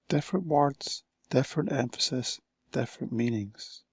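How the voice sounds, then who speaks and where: Slow, gravelly-voiced man giving a talk. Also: a little high, expressive, no echo, dull audio. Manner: slow, deliberate, with pauses between phrases. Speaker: conference speaker. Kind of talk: recorded conference talk.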